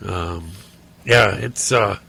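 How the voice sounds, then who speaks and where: A man's voice: low-pitched, drawn-out words, creaky, sharp tone, husky. A middle-aged man hosting a podcast, telling rambling stories and ranting with lots of restarts and fillers. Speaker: podcast host. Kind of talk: casual monologue.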